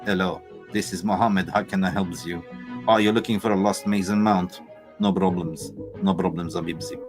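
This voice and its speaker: A deep-voiced, obliging male call-center agent, put on by a man, who keeps swapping P sounds for B. The voice sits noticeably lower than the speaker's usual pitch and stays chirpy and helpful throughout. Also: normal speed, music in the background, close to an everyday voice. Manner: swaps P sounds for B.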